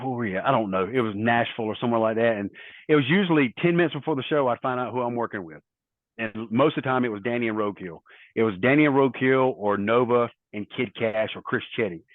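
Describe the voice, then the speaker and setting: A man's voice: mid-range voice, dry recording. A middle-aged man, a former wrestler, telling rambling stories in a casual interview, full of quoted dialogue. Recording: tinny phone-like line, dry.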